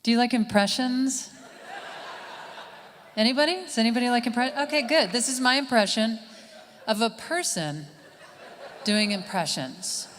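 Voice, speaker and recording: A woman doing stand-up on stage, her voice sitting a little high and moving at an unhurried crawl. Her delivery is deadpan and drawn out, with long pauses. The sound carries a long hall reverb over faint ambience. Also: slight background noise. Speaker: stand-up comedian. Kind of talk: live stand-up comedy. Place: stage at a large summit hall.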